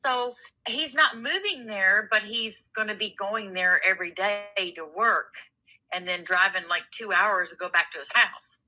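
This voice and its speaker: A woman calling into a radio show, chatting in an excitable, dramatic way with rising exclamations. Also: medium pitch, measured pace, poor audio. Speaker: caller. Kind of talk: phone-in chat.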